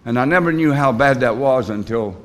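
An older man giving a personal recovery testimony at a meeting, telling his story in a rambling, earnest, plain-spoken way with folksy grammar and frequent pauses. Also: mid-range voice, a bit bright.

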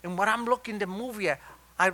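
An older man with an Argentine Spanish accent shares his life story at a recovery meeting. His voice sits high and bright. He confides with animated, wry humor. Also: fast talker. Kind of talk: personal storytelling talk.

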